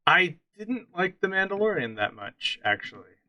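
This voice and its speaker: A man's voice: sits high, big pitch swings, normal speed, sharp tone, dry recording, poor audio. A man co-hosting a casual podcast, chatting about games with strong opinions and frequent restarts. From central Pennsylvania. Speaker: podcast co-host.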